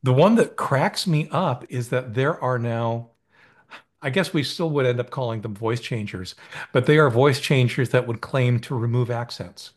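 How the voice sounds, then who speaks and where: A man's voice: mid-range voice, moderate pace. An American man co-hosting a podcast, explaining ideas in casual chat in a thoughtful, enthusiastic way, seated at his usual recording spot. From United States.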